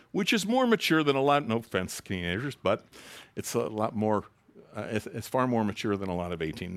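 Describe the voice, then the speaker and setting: A man preaching a sermon in a conversational, joking way, reading scripture aloud to a congregation. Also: medium pitch. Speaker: pastor.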